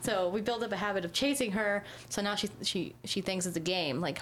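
A woman's voice: mid-range voice, brisk, a bit bright, slight background noise. A woman in casual conversation, talking loosely with lots of fillers and casual swearing. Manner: rambling, heavy use of "like", swears casually. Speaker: dog owner in casual conversation. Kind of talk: casual chat.

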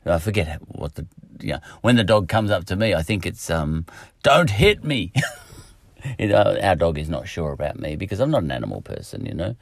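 A middle-aged man with an Australian accent muses aloud on his podcast, wandering from thought to thought with jokes at his own expense. His voice sits low with a gravelly, husky grain and swings widely in pitch. The sound is close and dry. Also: animated, fairly quick, no echo. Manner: jokey, self-mocking, meandering. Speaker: podcast host. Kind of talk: rambling solo podcast monologue.

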